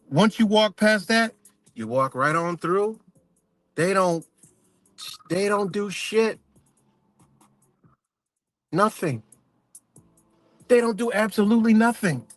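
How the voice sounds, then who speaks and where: A man's voice: high voice, no room sound. A man ranting casually on a live stream, profane and emphatic, rambling as he tells stories.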